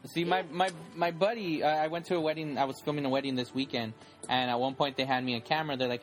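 A man co-hosting a casual podcast who laughs often and throws in quick interjections. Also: medium pitch, fairly even intonation.

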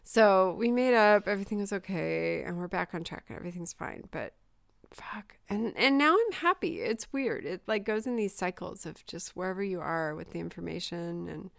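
A woman's voice: on the low side, lively intonation, moderate pace, gravelly, no room sound, clean studio sound. A woman in her forties, a mother from Southern California, telling a personal story in a candid, emotional way with many fillers in a casual chat.

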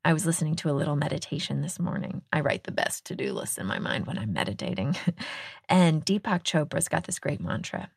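A woman's voice: sits low, animated, brisk, creaky, slightly rough, dry recording, studio quality. A middle-aged woman from Texas hosting a podcast, chatting in a casual, self-deprecating way and laughing often. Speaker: podcast host.

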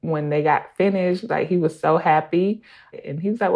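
A woman's voice: lowish voice, fairly even intonation, normal speed, dull audio. A mother in her thirties telling a personal story in a casual, chatty way. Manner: casual, conversational, laughs while telling.

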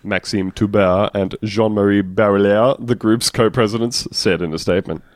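A man voicing a pompous, indignant male French official in a mock French accent, loud and sing-song. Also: lowish voice, fairly even intonation, normal speed, no room sound, clean studio sound, natural voice. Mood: mock-solemn.

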